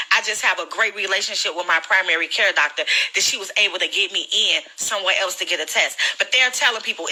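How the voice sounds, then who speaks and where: Speaking into her phone on a livestream, a woman shares her experience of illness in a mid-range voice that is very bright and cutting. She is earnest and pleading, holding back tears, and talks directly and personally to the camera as if to friends. The audio quality is poor.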